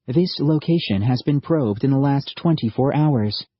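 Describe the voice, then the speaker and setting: A man voicing a blunt artificial young woman soldier who speaks in flat, precise statements. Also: mid-range voice, measured pace, breathy edge, no room sound, muffled recording, voice pushed up. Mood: clipped, flat. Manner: flat, precise, matter-of-fact.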